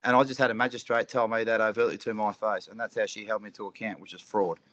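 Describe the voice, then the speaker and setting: A man's voice: fairly low pitch, flat delivery, fast talker, a bit bright. A man speaking as a guest, telling courtroom stories with emphasis, repeating phrases and acting out the exchanges. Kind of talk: animated storytelling talk. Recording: dull lo-fi recording.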